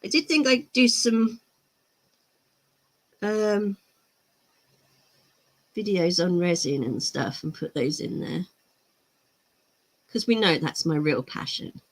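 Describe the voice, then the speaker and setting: A woman with a fairly low, expressive voice speaks slowly and leaves long pauses. She runs a casual miniature-painting livestream, laughing easily and answering what viewers write in chat.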